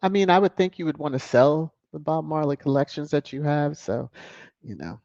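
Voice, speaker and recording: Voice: mid-range voice, animated, normal speed, darkish tone, no room sound. A commentator on a video channel, sassy and mocking, chuckling often while reading headlines and viewer comments aloud. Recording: dull lo-fi, dry close mic.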